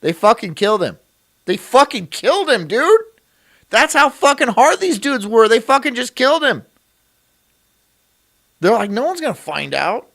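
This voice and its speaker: A man's voice: extremely high pitch, sing-song, measured pace, pauses often, a bit bright. A man streaming, chatting casually in a crude, rambling way and laughing often.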